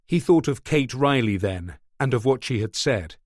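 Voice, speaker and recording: A man narrating a thriller audiobook in a steady, measured way. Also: medium pitch, no echo, clean studio sound. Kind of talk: scripted narration.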